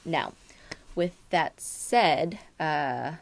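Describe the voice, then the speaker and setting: A woman's voice: low-pitched, lively intonation, drawn-out words, vocal fry. A young woman giving a casual astrology and tarot reading, rambling and filling her talk with "like" and "um". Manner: rambling, many fillers and "like". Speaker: tarot reader.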